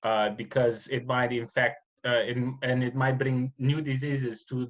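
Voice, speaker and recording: A man from Romania co-hosting a podcast, chatting about a movie in an animated, rambling, jokey way. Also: medium pitch, measured pace. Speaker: podcast co-host. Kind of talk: casual movie chat. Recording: muffled lo-fi audio.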